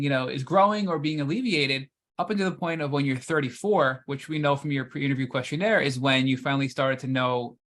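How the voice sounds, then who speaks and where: A male podcast host who sums up what his guest has said and then lays out long, multi-part questions in an even, conversational voice. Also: mid-range voice. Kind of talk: interview questions.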